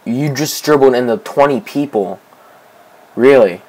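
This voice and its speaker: A young man talks through his soccer video game at an unhurried pace, mid-pitched and casual. He gets excitable, repeating himself as he pleads with teammates for the ball. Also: poor audio. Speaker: gameplay commentator. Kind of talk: casual let's-play commentary.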